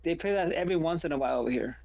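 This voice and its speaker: Chatty man with a higher voice. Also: rapid-fire, gravelly, darkish tone, dull audio. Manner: chatty, rambling asides. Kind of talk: casual chat on a live stream.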